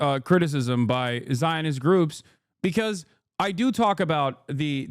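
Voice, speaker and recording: Man, fairly high voice, dry close sound, ranting, swearing, emphatic live-stream commentary. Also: smooth, no room sound. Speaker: streamer reacting to clips.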